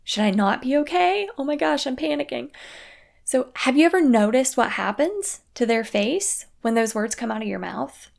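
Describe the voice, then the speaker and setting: A young woman hosting a parenting podcast, talking calmly and earnestly in a scripted solo talk. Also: a little high, creaky. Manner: calm, earnest, acts out quoted phrases.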